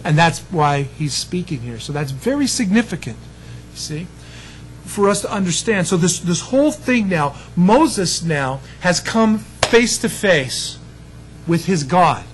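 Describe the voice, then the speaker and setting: A male pastor preaching in an easy, conversational manner and often asking his listeners to agree. His voice sits a little higher than most men's. A faint hum runs under the recording. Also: sing-song, measured pace, low-quality recording. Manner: conversational preaching with frequent "you see" and "amen" asides. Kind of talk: sermon.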